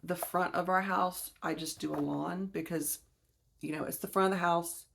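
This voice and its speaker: With a fairly low, somewhat bright voice, vocal fry, and fairly even intonation, this Alabama woman in her forties talks at a moderate pace. Hosting her gardening channel, she rambles chattily about her books in a Southern accent, correcting herself along the way. There's a little hiss or hum.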